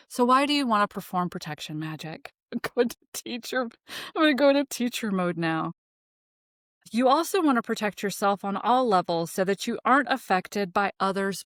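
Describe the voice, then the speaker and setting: A woman hosting her own podcast, talking casually and swearing a lot, fired up and ranting, then calming herself down. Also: mid-range voice, dry recording, clean studio sound. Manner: profane, animated, ranting then self-calming. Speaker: podcast host.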